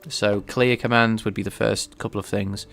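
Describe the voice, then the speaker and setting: A man talking through his coding on a casual livestream, pausing and restarting as he thinks aloud. His voice sits low with a gravelly fry, and faint music plays underneath. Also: fairly even intonation, fairly bright tone. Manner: thinking aloud, halting, many restarts and fillers. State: sneezing, a bit stuffy. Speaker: livestreaming game developer.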